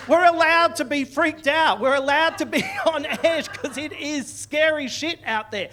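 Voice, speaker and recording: A man's voice: extremely high pitch, moderate pace, hardly any pauses, heavy background noise. A man with an Australian accent doing live stand-up, sardonic and swearing, turning mock-outraged. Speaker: stand-up comedian. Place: comedy club stage, live audience laughing.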